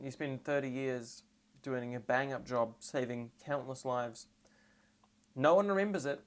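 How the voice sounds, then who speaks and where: A trans woman streaming live and reacting to memes, rambling and sarcastic with deadpan asides, and tired. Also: rumbling low.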